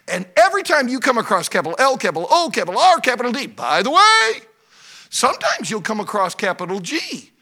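Fervent high-voiced preacher man. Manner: fervent preaching, swinging between loud emphasis and hushed prayer. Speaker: pastor. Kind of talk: sermon with prayer. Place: church service.

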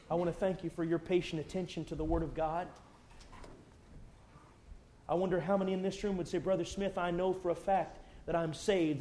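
Fervent middle-aged preacher. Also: male voice, a little high. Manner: fervent, dynamic swings from hushed to shouting. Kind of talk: sermon with altar call.

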